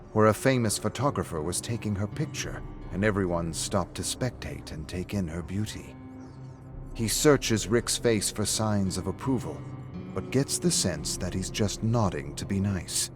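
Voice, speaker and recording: A man narrating a story in a steady, matter-of-fact way. His voice sits low. Soft music runs faintly behind him.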